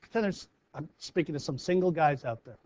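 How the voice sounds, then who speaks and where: A man from the United States, a live performance coach, giving a motivational talk and acting out stories with lively character bits. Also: fairly high pitch, brisk, dry recording, dull audio. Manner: animated storyteller acting out scenes.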